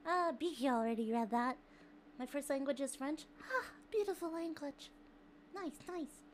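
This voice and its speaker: A young woman streaming live, chatting with her viewers casually, excitable, laughing often and swearing freely. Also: sits high, normal speed, a little hiss or hum. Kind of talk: casual chat with a live chat audience.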